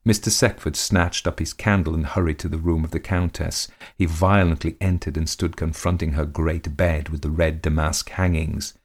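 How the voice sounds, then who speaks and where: Male narrator, very low voice, measured dramatic storyteller for a period tale. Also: steady tone.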